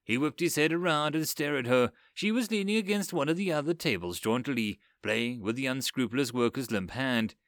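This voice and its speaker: A man narrating a dark fantasy story with an expressive, dramatic delivery. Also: medium pitch, fairly quick, hardly any pauses, no room sound, studio quality.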